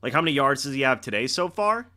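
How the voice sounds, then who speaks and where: Lively, bright-voiced young man calling a game. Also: mid-range voice, fast talker. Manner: shouts and teases players on big plays. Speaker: live-stream game reaction host. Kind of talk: excited live play-by-play reaction.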